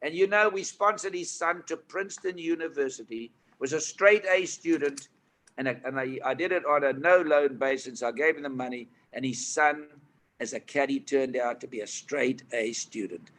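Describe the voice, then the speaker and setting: A man in his eighties with a South African accent, telling stories as a guest, lively and emphatic. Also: mid-range voice, moderate pace. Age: 80s. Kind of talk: animated storytelling.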